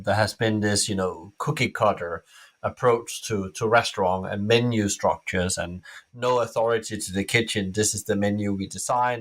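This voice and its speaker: Male interview host, low register, considered and hesitant. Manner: thoughtful, halting, with fillers. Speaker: podcast host. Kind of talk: casual interview chat.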